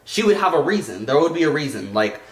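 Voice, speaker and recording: A young man talking earnestly and haltingly about his relationship in a vlog, often restarting his sentences. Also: fairly high pitch, very animated. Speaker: vlogger, partner in a couple channel. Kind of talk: emotional relationship talk to camera. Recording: echoey room.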